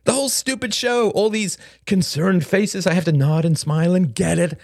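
A man reading an audiobook, voicing a jittery, brash young woman who rambles fast and sardonically. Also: sits high, creaky, a little mellow, no room sound, clean studio sound. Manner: rapid, restless, sardonic rambling.

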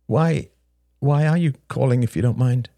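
A man reading an audiobook, voicing a wary young man who speaks haltingly. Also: mid-range voice, vocal fry, dark tone, no echo, pitched below the performer's own voice, natural voice. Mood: hesitant. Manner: halting, hesitant.

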